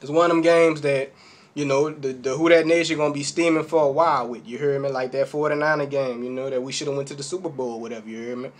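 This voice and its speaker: A man's voice: mid-range voice, fast talker. A young man ranting to the camera as a football fan, keeps checking in with his listeners as he talks. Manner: animated, keeps asking "you hear me?". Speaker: sports fan vlogger. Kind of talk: casual fan rant to camera.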